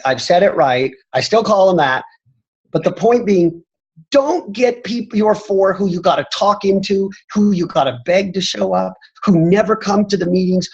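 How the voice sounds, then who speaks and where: Male executive, insistent and motivational, slightly husky voice over dull call audio. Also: high-pitched. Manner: emphatic, repeats "I'm telling you". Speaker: company executive answering questions. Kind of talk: motivational talk on a training call.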